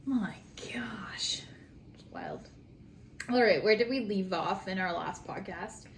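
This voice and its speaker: A woman's voice: medium pitch, huge pitch swings, a little slow, creaky, a little hiss or hum. A woman co-hosting a casual podcast, talking about her daughter with lots of "like" fillers. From Canada. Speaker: podcast co-host. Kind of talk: casual chat.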